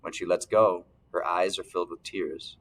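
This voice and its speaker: A man reading a first-person novel aloud as narrator, steady, clearing his throat now and then. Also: low voice, normal speed, poor audio. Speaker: audiobook narrator.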